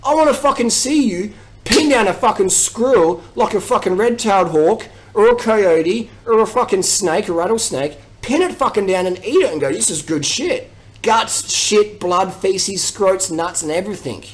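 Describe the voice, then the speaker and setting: A man's voice: high-pitched, moderate pace, rough recording. A man ranting on his vlog, aggressive and mocking, swearing heavily. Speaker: vlogger. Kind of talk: profane rant.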